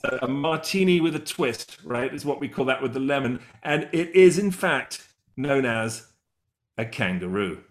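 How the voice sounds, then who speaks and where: A man's voice: medium pitch, lively intonation, normal speed. A middle-aged man with an English accent, hosting a playful, chatty interview over a video call. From England. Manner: chatty, playful, self-mocking. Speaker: interview host.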